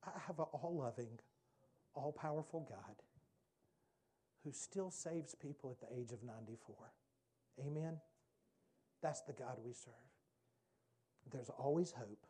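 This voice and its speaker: A man preaching, telling a personal story in a conversational, animated way that softens into hushed prayer. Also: medium pitch, a little slow, pauses often, slightly rough. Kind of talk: sermon storytelling.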